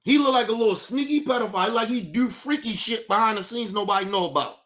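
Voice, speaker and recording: A man's voice: high voice, fast, a bit bright. A male streamer hosting his show, ranting in a profane, combative and taunting way. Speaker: host. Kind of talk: livestream commentary rant.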